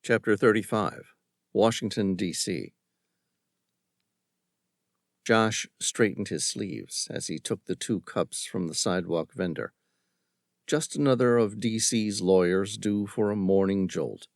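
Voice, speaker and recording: A male audiobook narrator reading a thriller novel in a measured, dramatic storytelling manner. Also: lowish voice, no echo, studio quality. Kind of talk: scripted narration.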